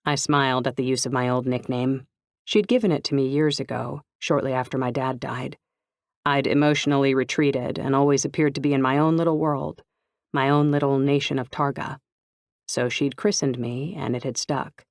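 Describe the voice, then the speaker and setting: A woman narrating a first-person novel in an even, clear storytelling voice. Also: very deep voice, normal speed, no echo, clean studio sound. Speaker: audiobook narrator.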